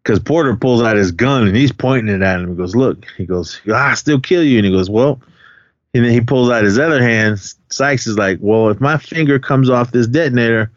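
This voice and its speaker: A man's voice: medium pitch, fairly quick, no room sound. Man, podcast co-host, casual chat, rambling plot retelling, muffled recording, dry. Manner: rambling retelling with many fillers and acted-out quotes. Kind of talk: casual film recap chat. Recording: dull dry lo-fi sound.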